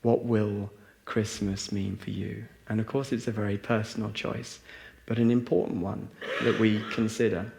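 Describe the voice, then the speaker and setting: A man's voice: fairly low pitch, little pitch movement, moderate pace, creaky, background noise. A man leading a reflective spiritual talk and group meditation for a live audience, with many fillers and restarts. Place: large hall with a live audience. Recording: roomy echo.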